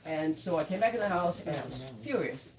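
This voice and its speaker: A woman's voice: fairly low pitch, expressive, a little fast, recorded from a distance, crowd noise, low-quality recording. A woman who blends whiskey, chatting through a live tasting and telling stories with quoted asides.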